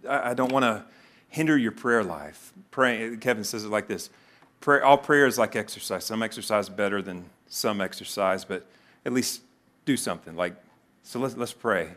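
A man preaching a sermon, animated and conversational, jumping into quoted voices with sudden rises in pitch. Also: moderate pace. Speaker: pastor.

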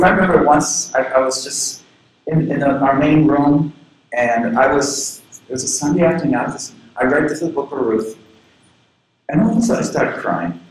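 A man from southern Florida preaching a sermon as a pastor, telling personal stories in an earnest way. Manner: earnest, personal storytelling with lively pitch swings. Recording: very echoey room with faint background noise.

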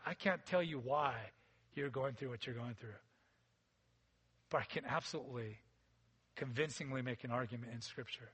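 A man preaching a sermon as a pastor, in a conversational way that swings between loud emphasis and quiet, intimate asides. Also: mid-range voice, breathy edge.

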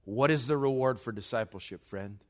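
A man preaching a sermon as pastor, slow and deliberate, building to loud urgency in a church. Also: mid-range voice.

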